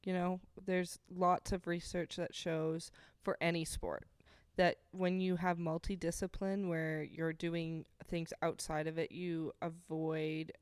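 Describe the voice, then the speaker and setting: A woman's voice: lowish voice, flat delivery, slow, few pauses, clean tone, dry recording, studio quality. A woman co-hosting a podcast, giving blunt, frank opinions in casual chat. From agricultural background. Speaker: podcast co-host.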